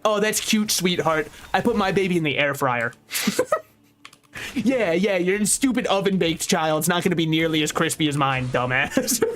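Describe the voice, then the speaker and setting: A young man from Maryland giving casual gameplay commentary as a streamer, full of sardonic, dark deadpan jokes. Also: a little high, unhurried, noisy background. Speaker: VTuber streamer. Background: faint game music.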